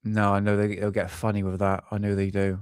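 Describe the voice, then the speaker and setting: A man's voice: lowish voice, monotone, brisk, clear, resonant tone, no room sound, studio quality. A man hosting a UFO live stream, rambling casually and swearing while he hunts for videos. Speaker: UFO channel host.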